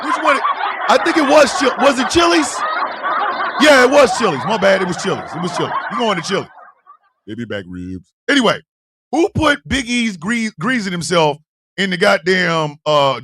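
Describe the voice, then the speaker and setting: Animated, bright-voiced livestream host man. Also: on the high side. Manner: animated, loud, profane banter with frequent laughter. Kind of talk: casual livestream talk, reacting to chat.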